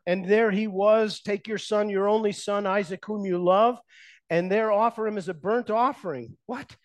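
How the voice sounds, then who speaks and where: A pastor preaching in a fairly high voice, retelling old stories from the pulpit. He swings between raised emphasis and hushed, quiet lines as he builds his points. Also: fairly even intonation, moderate pace. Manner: storytelling, shifting between loud and hushed. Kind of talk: sermon.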